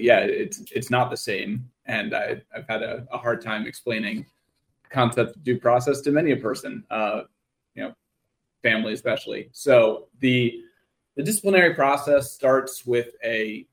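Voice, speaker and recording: A man, an attorney appearing as a guest on a radio interview, explains procedure in a measured, explanatory way. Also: medium pitch, low-quality recording.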